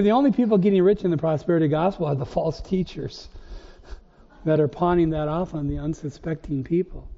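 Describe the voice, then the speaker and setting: High-voiced preacher in an echoing hall. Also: male voice, mellow. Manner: preaching with rhetorical questions and emphatic rises. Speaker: pastor. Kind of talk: sermon. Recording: dull, lo-fi recording in a reverberant church hall.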